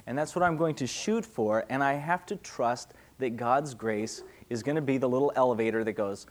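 A man's voice: medium pitch, moderate pace. A young man giving a casual question-and-answer sermon as a pastor, talking conversationally and often checking in with "okay?".

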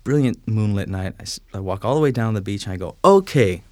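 A man with a somewhat low voice tells stories from his life in casual conversation. He is animated, chuckling and slipping into bits of acted-out dialogue. The sound is dry and close. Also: fast talker, no room sound.

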